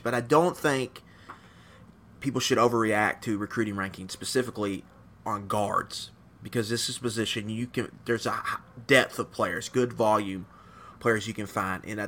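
A man co-hosting a sports podcast in a relaxed, rambling, casual chat, laughing easily. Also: lowish voice. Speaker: podcast co-host.

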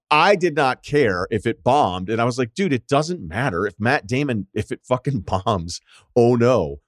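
Low-voiced guy hosting a podcast, swearing a lot, voice swings all over, dry close sound. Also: no echo. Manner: animated, profane, rambling anecdotes. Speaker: podcast host. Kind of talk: casual storytelling.

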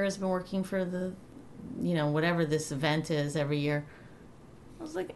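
A woman comedian co-hosting a podcast, chatting casually and telling profane, animated stories. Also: medium pitch, a little hiss or hum. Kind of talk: casual chat.

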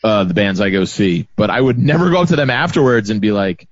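A man's voice: fairly low pitch, animated, dry recording. A man, a comedian hosting a podcast, chatting easily over a video call and laughing along with his guest. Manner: easygoing, laughs along, quick agreeing asides. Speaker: stand-up comedian, podcast host. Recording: dry, lo-fi call audio.

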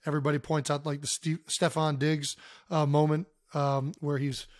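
A man from Ohio co-hosting a podcast, telling stories in an animated, joking way. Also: a little high, normal speed, dry recording, studio quality. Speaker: podcast co-host. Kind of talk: casual chat.

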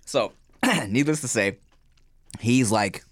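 A podcast co-host with a medium-pitched voice tells stories at a slow pace in casual, animated chat, cursing freely. The recording has no echo.

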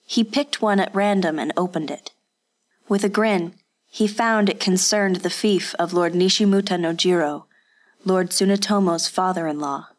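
A woman reading an audiobook in steady, scripted narration. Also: on the low side, normal speed.

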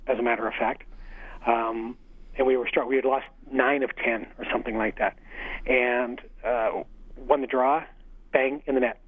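A man's voice: medium pitch, no echo. A middle-aged man, a former hockey coach, calling in as a radio guest to break down play and tell stories from his coaching days. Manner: analytical, then tells anecdotes with animated retelling. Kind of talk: phone-in interview. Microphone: telephone line. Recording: tinny phone line.

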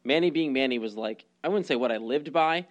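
A man's voice: mid-range voice, fairly quick, highs cut off. Casual young man chatting baseball, lots of ums. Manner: hesitant, many ums, laughs often. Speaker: podcast co-host. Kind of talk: casual sports chat.

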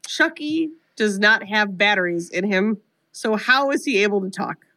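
A woman co-hosting a podcast, retelling a film plot in a casual comedic way, animated and profane with lots of "like". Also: mid-range voice, moderate pace. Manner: animated, profane storytelling full of "like". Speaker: podcast co-host.

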